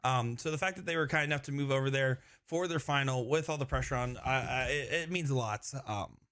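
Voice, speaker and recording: A man's voice: medium pitch, fairly quick, fairly bright tone, no room sound, clean studio sound. A man commentating a live darts stream, rambling and laughing often as he chats with his co-host. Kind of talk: live sports commentary, casual banter.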